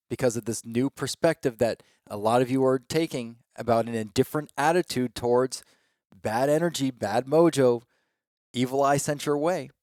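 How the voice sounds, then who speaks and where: A man of ordinary pitch gives a spiritual reading to his listeners. He reassures them again and again, coaxing and repeating himself. The sound is dry, with no room around it. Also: darkish tone, no echo. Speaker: audio channeler giving a spiritual reading.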